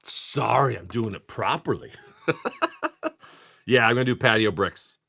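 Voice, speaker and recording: A man's voice: fairly low pitch, creaky. A man hosting a casual livestream who greets viewers by name, chats, and swears freely while opening card packs. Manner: animated, quick bursts of talk. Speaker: card-breaking livestream host.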